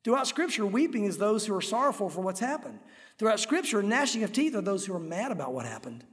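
Middle-aged male pastor, earnest and animated sermon delivery, echoey church hall. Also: sits high, quick pace. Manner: earnest, animated, acts out crowd voices. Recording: echoey hall with long reverb.

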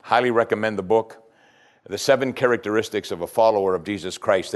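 A male pastor preaching a sermon, retelling scripture in casual everyday speech and addressing the congregation directly. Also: lowish voice. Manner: conversational preaching, paraphrasing scripture in plain speech.

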